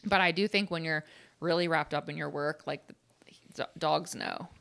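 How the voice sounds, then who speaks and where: A woman's voice: low voice, moderate pace, vocal fry, fairly bright tone. A young woman co-hosting a podcast in casual, laughing banter. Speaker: podcast co-host. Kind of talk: casual chat.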